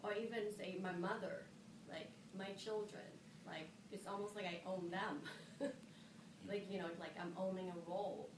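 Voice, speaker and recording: A woman's voice: mid-range voice, fairly even intonation, normal speed, reverberant, distant mic, noisy background. A woman sharing with a group, searching for words with many fillers and light laughs. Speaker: participant sharing.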